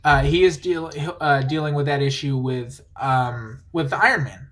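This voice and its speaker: A man's voice: medium pitch, moderate pace, fairly bright tone. A man hosting a podcast, chatting casually, rambling enthusiastically and laughing easily. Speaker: podcast host. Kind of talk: casual chat.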